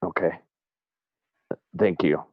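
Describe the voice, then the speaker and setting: A man describes what his character does in a tabletop game, hesitant and full of restarts. His low voice comes through dry and a bit dull. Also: steady tone, slow, no echo. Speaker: player.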